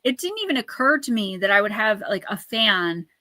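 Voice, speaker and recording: A woman talks casually to her livestream viewers, chatty and quick to laugh as she reads oracle cards aloud. Her voice is bright and forward. It sounds close and dry, with no room echo. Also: medium pitch, very animated. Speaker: livestream oracle card reader and author. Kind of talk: casual livestream chat and card reading.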